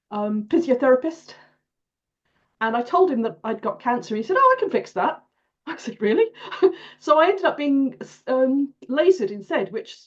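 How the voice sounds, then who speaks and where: High-voiced older woman, chatty. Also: muffled recording. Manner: chatty, repeats herself, laughs often. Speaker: participant. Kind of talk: casual storytelling. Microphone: video call.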